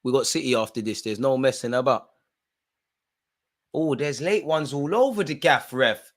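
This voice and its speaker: A man co-hosting a live football watch-along, exasperated and heckling the referee, dropping into mutters and rising to shouts with plenty of street slang. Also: mid-range voice, normal speed. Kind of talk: live match commentary and banter.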